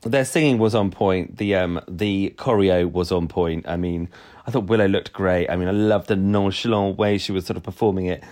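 A man's voice: deep voice, steady tone, moderate pace, a little mellow. A man co-hosting a casual podcast chat, chatty and giggly, often restarting his sentences. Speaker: podcast co-host. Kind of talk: casual chat reviewing a TV show.

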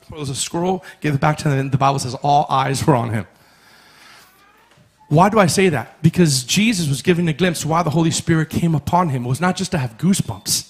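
A man preaching a sermon as pastor, emphatic, rising to shouts and acting out little dialogues. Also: fairly high pitch, a little fast, slightly rough.

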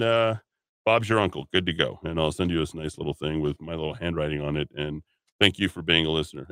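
A male talk radio host holds forth in a loose, rambling monologue full of sarcastic asides. His voice sits a little low but comes across bright and forceful. He is recorded in a dry, close studio sound. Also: no room sound.

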